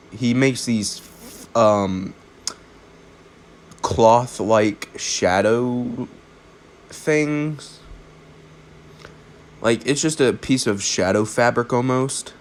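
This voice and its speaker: A man's voice: on the low side, slow pace, pauses often, a little hiss or hum. A young man casually improvising a fan-fiction story, rambling with fillers and jokes. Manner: rambling, full of fillers and restarts, jokey.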